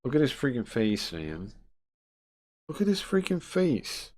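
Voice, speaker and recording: A man casually reading a game aloud on a live stream, chatty and laughing often, jumping up in pitch when he voices the characters' lines. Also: huge pitch swings, a little slow, a little mellow.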